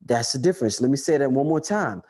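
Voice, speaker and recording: Loose, profane New man, mellow voice. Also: fast. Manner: loose, profane, repeats lines for emphasis, rises to excited highs. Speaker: livestream host answering chat. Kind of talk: casual livestream chat.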